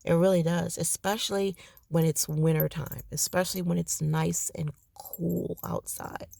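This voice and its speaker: A woman's voice: fairly low pitch, level tone, unhurried, vocal fry, dark tone, no room sound, studio quality. A tired woman with a crackly voice chatting casually in a rambling vlog from her parked car. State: tired, ready for bed. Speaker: vlogger.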